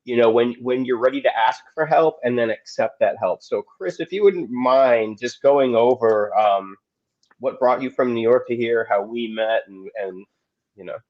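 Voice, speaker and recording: A male podcast host gently prompting his guest, hesitant and a little off the mic. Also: mid-range voice, moderate pace, highs cut off. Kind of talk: interview question.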